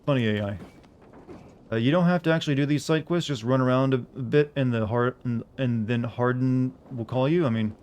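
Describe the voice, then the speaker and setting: A man's voice: medium pitch, fairly quick, a little mellow. A young man streaming a video game, chatting casually with viewers in a rambling way, full of filler words. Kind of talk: casual gameplay chat with viewers.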